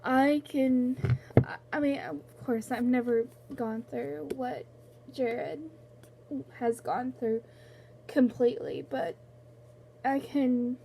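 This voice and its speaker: Speaking slowly and pausing often, a young woman with a high, gravelly, warm voice talks about books in a casual home vlog. She's tearful, nearly crying, and rambles with many fillers and restarts over slight background noise.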